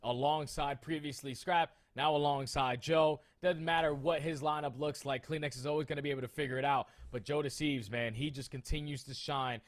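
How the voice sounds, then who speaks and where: A man's voice: a little high, fairly even intonation, fairly quick, hardly any pauses. Hyped male esports caster. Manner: hyped, emphatic, slangy. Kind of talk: casual esports commentary.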